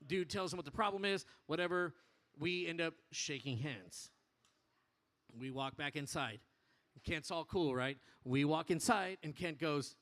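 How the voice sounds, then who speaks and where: A man addressing his motorcycle club in a bar, telling an animated, profane story in casual speech. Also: a little high, unhurried, long pauses.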